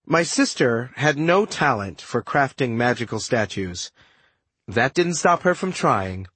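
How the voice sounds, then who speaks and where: A male narrator tells a first-person adventure story with an animated, swinging delivery and dry humor. His voice has a slightly husky grain. The recording is close and dead, with no room echo. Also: medium pitch, unhurried. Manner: lively storytelling with wry asides. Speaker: audiobook narrator.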